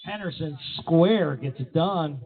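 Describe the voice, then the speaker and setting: A man announcing races live at an outdoor BMX track, with energetic play-by-play full of rider nicknames. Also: on the high side, takes it slowly. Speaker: race announcer. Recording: tinny, phone-like sound.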